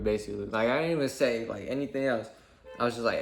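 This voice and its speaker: A man's voice: medium pitch, steady tone, fast. A young man telling a story in a casual, rambling rant, swearing a lot and leaning on fillers like "like" and "basically". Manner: rambling, profane, full of fillers. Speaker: vlogger.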